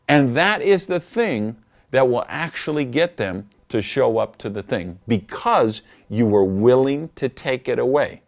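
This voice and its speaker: A male trainer delivers a recorded lesson on inviting prospects, animated and direct. His pitch sits in a middle range but rises and falls widely, and he slips into little acted phone calls along the way. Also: a little slow. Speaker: network marketing trainer.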